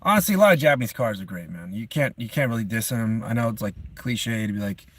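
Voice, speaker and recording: A man's voice: lowish voice, expressive, fast talker. A man chatting casually in a vlog from inside his car, laid-back and rambling, with many fillers and casual swearing. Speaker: YouTuber.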